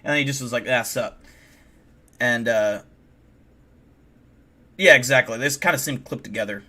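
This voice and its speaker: A man's voice: mid-range voice, normal speed, bright, forceful tone. A man hosting a live stream, reacting to a video in a ranting, profane, incredulous way. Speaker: streamer host.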